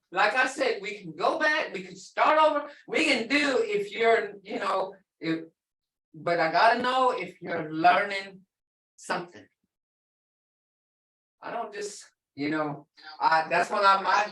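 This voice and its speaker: An older woman teaches a language class in a medium-pitched, fairly bright voice. She explains patiently, repeats words and often laughs. She sits far from the mic in an echoey room.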